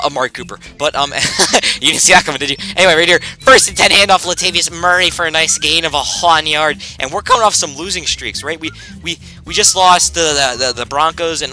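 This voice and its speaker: A teenage boy hosts his own gameplay video, rambling and jumping between topics with sudden excited shouts. His voice sits a little high, very bright and swings widely in pitch. Faint game music plays behind him. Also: fast. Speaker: gaming video host. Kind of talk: casual gameplay commentary.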